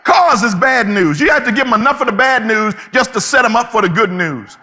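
A male pastor delivers a fiery sermon, his words often rising to a shout. His voice sits very high and rings bright and forceful. A long reverb trails behind him in a large church hall. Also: animated, brisk. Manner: impassioned preaching, often shouting.

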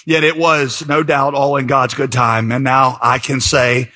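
A man's voice: mid-range voice, level tone, a little slow, bright, forceful tone. A man preaching a sermon as pastor, conversational and reading passages aloud with fillers.

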